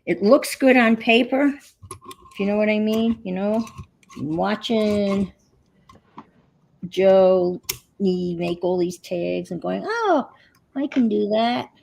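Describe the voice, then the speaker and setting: Slow, gravelly woman chatting while crafting. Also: medium pitch, fairly even intonation, darkish tone. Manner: chatty, mutters to herself as she works. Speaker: craft livestream host. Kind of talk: casual chat while crafting.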